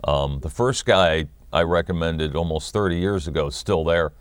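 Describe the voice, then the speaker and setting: A man in his fifties with a New York accent, a guest chatting in a relaxed, wry way and laughing often. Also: sits low, normal speed, clean tone, no echo. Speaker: guest, former wrestling announcer. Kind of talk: casual interview chat.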